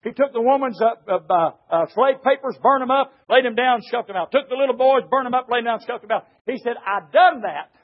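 Brief: male preacher, very high voice, emphatic story sermon, muffled lo-fi tape. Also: quick pace, few pauses. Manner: emphatic, swings from shouting to hushed; storytelling with repeated "said". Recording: dull lo-fi recording.

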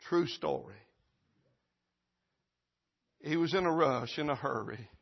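A man preaching at a church service, telling a sermon illustration dramatically, acting out the voices and swinging from loud to hushed. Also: medium pitch, big pitch swings, takes it slowly, vocal fry, breathy edge, dull audio.

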